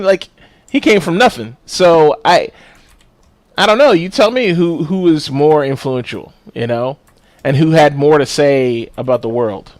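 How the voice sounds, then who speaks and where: A man's voice: a little high, measured pace, darkish tone, no room sound, studio quality. Blunt, profane man on a podcast. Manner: blunt and profane, laughing often. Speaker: podcast co-host. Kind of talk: casual chat.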